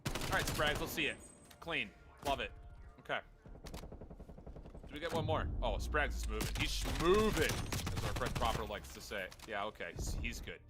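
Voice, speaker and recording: A man's voice: mid-range voice, moderate pace, long pauses, background noise. A man working as an esports commentator, laid-back and chatty, laughing often as he talks with his co-caster. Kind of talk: casual game commentary and banter.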